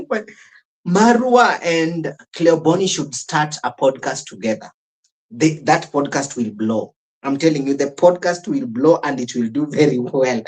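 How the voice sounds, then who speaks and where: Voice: medium pitch, unhurried. A streamer giving live reaction commentary, chuckling often and talking to the chat.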